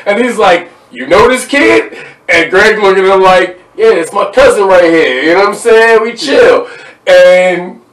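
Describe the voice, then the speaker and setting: Young man, high voice, casual podcast host, animated storyteller, echoey room, distant mic. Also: a little slow. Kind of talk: casual chat.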